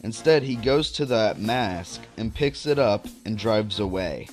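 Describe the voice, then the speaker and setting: Young dude, kinda low voice, rambling swear-y storytime vlog. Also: male voice, unhurried, soft background music. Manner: rambling, profane, animated storytelling. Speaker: vlogger. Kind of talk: casual storytime.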